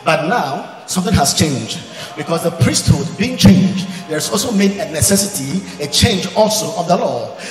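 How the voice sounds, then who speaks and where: Male pastor, lively higher voice, fiery sermon with bursts of shouting, recorded in a roomy hall. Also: normal speed, soft background music. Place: large church event hall.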